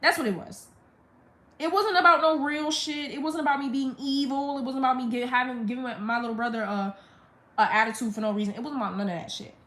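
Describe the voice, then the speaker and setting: A young woman livestreams a blunt, profane storytime rant venting about her family. Her voice is high-pitched, steady, fast, and fairly bright, and the recording has a roomy echo.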